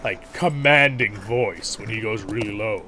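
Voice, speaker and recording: A man hosts a casual game livestream, chatting, laughing, and reading chat messages aloud. His voice is on the low side and a little slow, and his nose sounds stuffed up.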